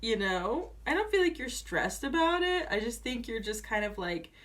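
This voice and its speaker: A woman's voice: fairly high pitch, big pitch swings, normal speed, a bit bright. Giggly woman chatting through a tarot reading. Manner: giggly, chatty, lots of fillers. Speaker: tarot reader. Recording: voice a bit far from mic, faint noise.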